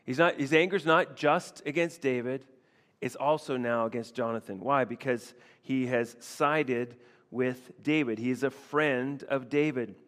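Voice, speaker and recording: A man's voice: mid-range voice, steady tone, measured pace, a bit bright, in a large hall. A man preaching a sermon conversationally, often repeating himself and checking in with the congregation. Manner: conversational, repeats phrases, frequent "right?" asides. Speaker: pastor. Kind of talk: expository sermon.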